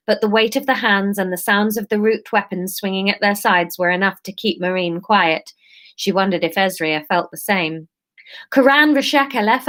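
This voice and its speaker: A woman's voice: medium pitch, a bit bright. A woman in her thirties reading her story aloud on a livestream, breaking off into chatty, self-mocking asides. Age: 30s.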